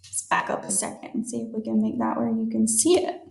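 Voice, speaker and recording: A woman's voice: a little high, completely flat delivery, creaky, a little mellow, echoey room. Woman reading a picture book to kids. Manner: slow, explains words to young listeners. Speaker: storytime reader.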